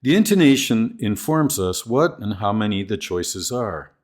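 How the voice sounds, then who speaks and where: A man giving a scripted lesson on teaching pronunciation, slowly modelling example phrases and sentences. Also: lowish voice, sing-song. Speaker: teacher trainer. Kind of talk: scripted instructional narration.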